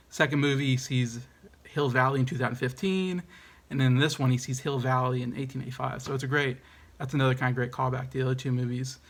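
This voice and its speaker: A man giving a casual, enthusiastic movie review, hesitant and rambling with many ums and restarts. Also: mid-range voice.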